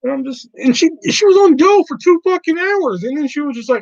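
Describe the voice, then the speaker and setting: A man's voice: very high voice, lively intonation, fairly quick, vocal fry, no echo. A man hosting a casual livestream chat, swearing a lot and ranting as he acts out his coworkers. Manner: profane ranting, mimics coworkers. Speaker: livestream host. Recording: dry, dull lo-fi sound.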